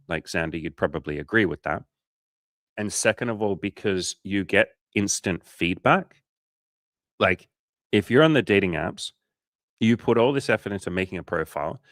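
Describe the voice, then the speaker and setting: A man's voice: sits low, a bit bright, no echo, clean studio sound. An Australian man, a dating coach, chatting casually on a livestream, swearing often and acting out little scenes.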